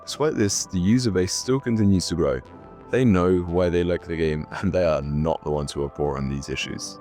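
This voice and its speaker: Sarcastic low-voiced man doing commentary. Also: normal speed, a little mellow, faint music behind. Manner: sarcastic, mock-serious. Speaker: YouTube host. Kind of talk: scripted video commentary.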